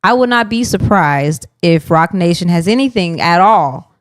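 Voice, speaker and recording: A woman with a notably low voice speaks earnestly on a faith podcast. Her tone stays thoughtful and reflective. The sound is dry and close to the mic. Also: expressive, normal speed, dry recording. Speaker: podcast co-host.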